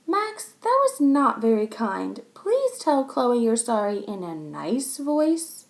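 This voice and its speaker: A woman voicing a calm, firm schoolteacher in a storybook reading, patient and steady. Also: a little high, slow, creaky, heavily acted.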